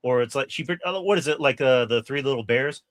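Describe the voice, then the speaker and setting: This co-host's medium-pitched voice moves a little fast over a dry recording. Talking casually about a horror film on the podcast, he curses heavily, stays animated, and performs lines from the movie.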